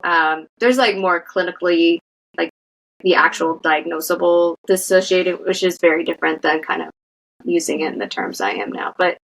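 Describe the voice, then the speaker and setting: A woman therapist talking casually and thoughtfully about grief, with many fillers and pauses. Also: fairly low pitch, animated, gravelly, low-quality recording. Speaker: therapist guest. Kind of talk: casual conversation.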